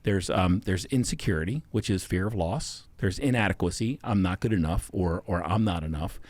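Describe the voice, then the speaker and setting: A man's voice: deep voice, moderate pace, a little mellow, no echo. A man speaking as a podcast guest, earnestly explaining his ideas step by step. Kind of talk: casual chat.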